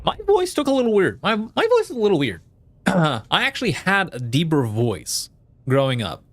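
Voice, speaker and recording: Lively-pitched man chatting through a game. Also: normal speed. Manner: rambling and playful, with frequent fillers and restarts; tries silly put-on accents and laughs at himself. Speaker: let's play streamer. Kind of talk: casual game commentary, reading on-screen text aloud.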